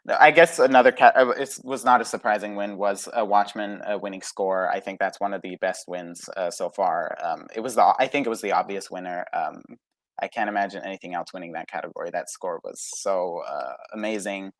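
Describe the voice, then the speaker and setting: Hesitant low-voiced man, dry sound. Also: fairly quick, no room sound. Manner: hesitant, lots of ums and uhs. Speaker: awards pundit. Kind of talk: casual panel chat.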